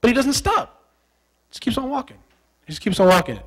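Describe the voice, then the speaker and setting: On a rough recording, a young American ex-soldier tells an interview story in a very high-pitched, highly animated voice at a slightly quick pace. He leans on repetition for effect and performs the conversations he recalls.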